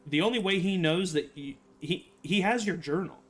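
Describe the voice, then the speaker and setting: A man running a tabletop role-playing game as game master, relaxed and chatty, laughing often. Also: high-pitched, moderate pace.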